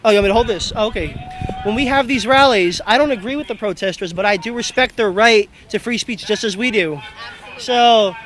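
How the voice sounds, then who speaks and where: A man with a very high voice speaks on camera at an outdoor rally. He rambles and loses his thread, then circles back with a casual, self-aware manner. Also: a little fast, fairly bright tone, low-quality recording. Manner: rambling, easily distracted, laughs at himself. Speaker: rally attendee. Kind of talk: on-camera street interview.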